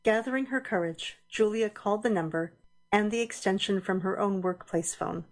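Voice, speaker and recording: A woman narrates an audio drama in a measured, deliberate way. Her voice sits at an average pitch.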